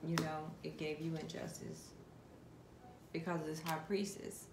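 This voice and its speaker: Gravelly low-voiced woman reading tarot. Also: a little slow. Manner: chatty, addresses viewers directly, asks spirit questions aloud. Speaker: tarot card reader. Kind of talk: casual tarot reading to viewers. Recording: echoey room with steady background noise.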